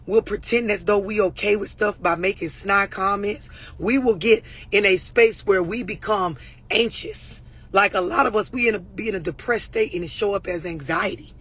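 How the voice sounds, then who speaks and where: Blunt, husky-voiced woman coach. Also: medium pitch, a bit bright. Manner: blunt, profane, preachy, addressing viewers directly. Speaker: relationship and mental health coach. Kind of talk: unscripted talk to camera.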